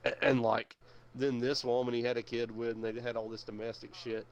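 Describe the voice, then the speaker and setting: A man's voice: mid-range voice, little pitch movement, brisk, highs cut off. Rambling, profane young man. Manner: rambling, profane, many fillers. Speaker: streamer. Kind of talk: casual chat.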